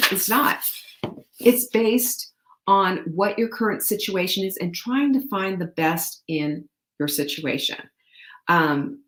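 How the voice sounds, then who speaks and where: A woman's voice: on the low side, reverberant. A woman hosting a live-stream show, talking to her viewers in an earnest, emphatic way, restarting phrases and laughing a little. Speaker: show host.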